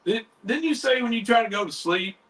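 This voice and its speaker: A man's voice: extremely high pitch, a little fast, recorded from a distance, poor audio. A man hosting a paranormal talk stream, telling a story in casual chat and acting out what others said, with the odd swear. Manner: animated, retells others' words in quotes, swears casually. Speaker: paranormal podcast host.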